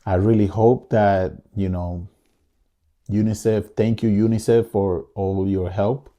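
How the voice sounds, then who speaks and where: A man's voice: lowish voice, steady tone, unhurried, warm tone. A man co-hosting a podcast, speaking with emotion, pleading and angry, repeating his phrases. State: angry and upset. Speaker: podcast co-host. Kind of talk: impassioned commentary.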